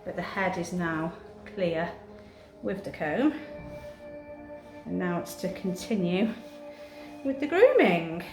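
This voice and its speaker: A woman grooming a cat, talking softly and coaxingly while explaining her work. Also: on the low side, lively intonation, takes it slowly, long pauses. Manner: soft, coaxing, chatty. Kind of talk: grooming commentary. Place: grooming room. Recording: echoey room with music behind.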